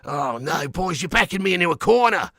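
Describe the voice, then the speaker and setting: A man putting on a frantic Australian football manager who shouts slang in a raised voice. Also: on the high side, lively intonation, moderate pace, vocal fry, no echo, studio quality, voice pushed up, heavily acted. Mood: panicking. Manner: exaggerated Aussie slang, loud and frantic.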